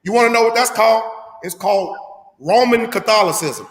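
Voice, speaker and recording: A man's voice: high-pitched, brisk, a bit bright. Guy preaching scripture class, fired up, lots of rhetorical questions, roomy echo. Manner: emphatic street-talk preaching, rhetorical questions. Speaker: teacher leading a scripture class.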